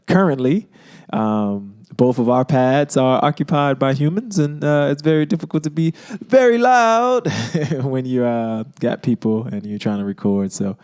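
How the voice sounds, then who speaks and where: A man's voice: medium pitch, darkish tone. A man co-hosting a podcast in casual chat, laid-back and filler-heavy. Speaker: podcast co-host.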